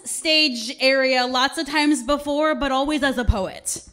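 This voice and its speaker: High-pitched 30s woman doing stand-up, wry punchy storytelling. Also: a little slow, few pauses, sharp tone. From Ohio. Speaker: stand-up comedian. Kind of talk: stand-up set. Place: small arts centre stage.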